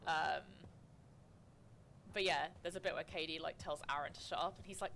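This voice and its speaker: A woman's voice: low voice, brisk, vocal fry, pauses often, a little hiss or hum. A woman co-hosting a let's play, chatting in a giggly, rambling way full of "like"s. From United Kingdom. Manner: animated, giggly, rambling with many "like"s. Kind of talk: casual chat over gameplay.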